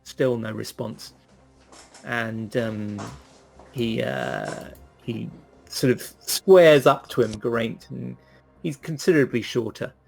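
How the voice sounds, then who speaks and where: A man narrating a tabletop game as game master, hesitant and filling pauses with ums. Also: mid-range voice, animated, gravelly, darkish tone, soft background music.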